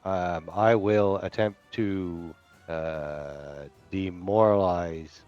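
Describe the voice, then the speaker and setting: Low-voiced man playing a tabletop game. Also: very slow, clean tone, highs cut off, soft background music. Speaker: player.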